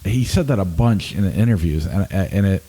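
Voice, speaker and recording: A man in his forties co-hosting a podcast, talking in a hesitant, halting way with many restarts. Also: sits low, expressive, mellow, breathy edge, poor audio. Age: 40s. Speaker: podcast co-host and film critic. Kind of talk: casual podcast review.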